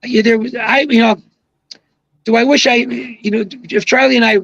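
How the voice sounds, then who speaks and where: A man's voice: very high voice, fairly even intonation, normal speed, creaky, a bit bright, no room sound, highs cut off. A man in his seventies, a retired bowling pro, telling long rambling stories with emphatic asides in casual podcast conversation. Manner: rambling, emphatic anecdotal storyteller. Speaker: guest, retired pro bowler.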